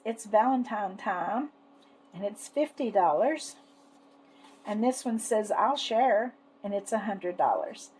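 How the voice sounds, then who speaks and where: A woman chatting casually as she shows off her savings challenges, fond and unhurried, with lots of little fillers. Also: mid-range voice, warm tone, a little hiss or hum, low-quality recording. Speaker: savings challenge seller and vlogger. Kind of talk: casual product show-and-tell.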